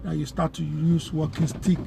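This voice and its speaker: A man's voice: fairly high pitch, flat delivery, moderate pace, vocal fry. A man with a Nigerian accent chatting casually while he drives, rambling along with street slang. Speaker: vlogger. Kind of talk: casual chat while driving. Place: inside a car in city traffic. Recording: loud road and traffic noise.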